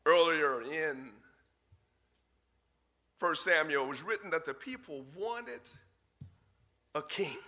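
A man preaching a sermon, telling a folksy story in a deliberate way with short pauses. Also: fairly high pitch, bright, forceful tone. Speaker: pastor.

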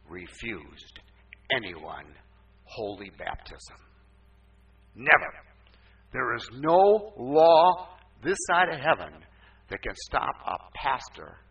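A male pastor telling a story in a sermon, emphatic and animated, with sudden upward swoops in pitch. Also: vocal fry, breathy edge. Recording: distant, dull, muffled recording.

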